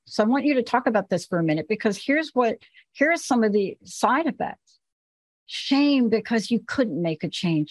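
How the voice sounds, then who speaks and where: A woman's voice: medium pitch, no room sound. Candid New woman hosting a talk show. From the Bronx, New York. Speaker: host. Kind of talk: casual talk-show conversation.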